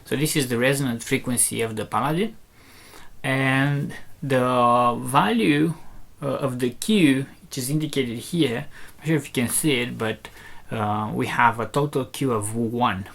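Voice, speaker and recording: In a casual demo of a speaker driver, a loudspeaker maker talks in an unhurried, creaky, slightly bright mid-range voice. His explanation proceeds step by step, though he's hesitant, with lots of fillers and false starts.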